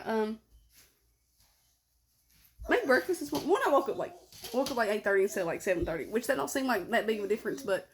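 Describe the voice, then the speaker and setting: A tired young woman, chatting casually and rambling to her vlog audience. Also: a little high. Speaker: vlogger.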